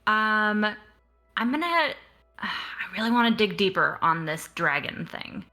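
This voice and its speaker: A woman playing a tabletop game, talking in a hesitant, halting way with many fillers. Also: mid-range voice, sing-song, sharp tone, faint music behind. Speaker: player.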